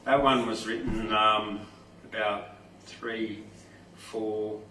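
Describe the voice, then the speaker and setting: A man reading his poems and chatting at an open mic in a restaurant, unhurried, with lots of ums and easy laughs. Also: on the low side, steady tone, bright, forceful tone. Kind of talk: poetry reading and chat. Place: restaurant indoors. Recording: roomy distant mic, faint noise.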